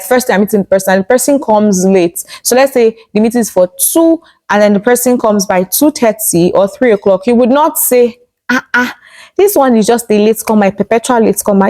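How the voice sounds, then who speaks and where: A woman's voice: mid-range voice, a little mellow. A young woman hosting her own channel, speaking straight to viewers with emphatic, repetitive explanations and direct questions. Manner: emphatic, repeats key phrases, asks viewers questions. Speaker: YouTube host. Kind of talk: direct-to-camera explainer talk.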